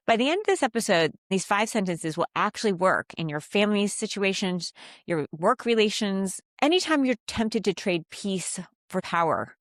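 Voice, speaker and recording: A woman giving a calm, faith-based self-help talk on handling conflict. She teaches step by step and slows down to stress key phrases. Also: medium pitch, no echo, clean studio sound. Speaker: communication coach.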